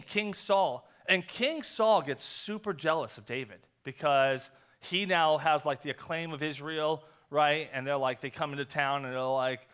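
Bright-voiced male pastor preaching casually. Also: a little high, clear, resonant tone. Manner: conversational, storytelling with quick acted asides. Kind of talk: sermon. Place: church sanctuary.

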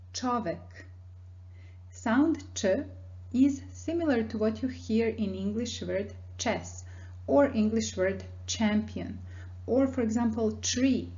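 A woman teaching a language lesson, patiently explaining mouth positions and demonstrating sounds slowly. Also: a little high, dark tone, highs cut off.

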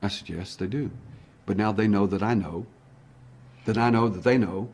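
Husky man telling an abduction story. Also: lowish voice, moderate pace. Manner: animated, acts out dialogue. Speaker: alien abduction investigator. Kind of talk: storytelling monologue.

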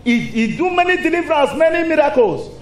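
A man with a Nigerian accent preaching a lively sermon in a church, asking the congregation rhetorical questions. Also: extremely high pitch, fairly quick. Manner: animated, call-and-response preaching with rhetorical questions. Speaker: pastor. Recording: echoey hall with faint noise.

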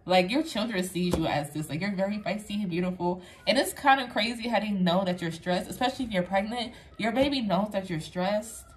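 A woman talks straight to her viewers through a pick-a-card tarot reading in a loose, rambling way, leaning on "like" as she goes. Her voice sits at a middling pitch, and her tone stays earnest and reassuring. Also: fairly quick, hardly any pauses, a little hiss or hum. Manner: rambling, chatty, fills speech with "like"; earnest, affirming, addresses viewer directly. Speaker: tarot reader.

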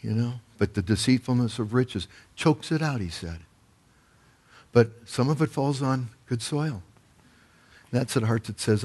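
A man preaching as pastor, retelling a parable with lively acted-out voices. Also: lowish voice, slow pace, husky. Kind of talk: sermon.

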